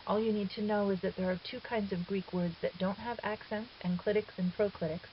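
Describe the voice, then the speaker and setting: A woman's voice: mid-range voice, fairly even intonation, a little fast. A woman teaching Greek in a recorded lecture, patient and methodical, with the odd filler and self-correction. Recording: dull lo-fi recording with faint hiss.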